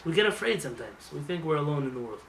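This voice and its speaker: Male rabbi, fast animated sermon, raised pitch, roomy hall sound. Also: distant mic, slight background noise. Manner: animated, acts out voices, jokes with the congregation. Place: synagogue. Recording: roomy hall with faint ambience.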